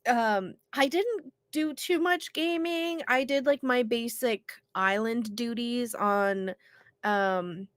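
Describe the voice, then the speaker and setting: A woman's voice: fairly high pitch, slow pace, dry recording, studio quality. A woman co-hosting a casual podcast, telling a story with lots of animation and casual swearing, her voice congested from illness. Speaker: co-host.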